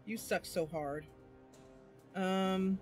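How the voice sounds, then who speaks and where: A woman hosting a livestream, talking in an excitable, giggly, expressive way as she plays a fantasy game at home. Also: medium pitch, drawn-out words, soft background music. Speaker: streamer and host. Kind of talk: livestream gameplay commentary.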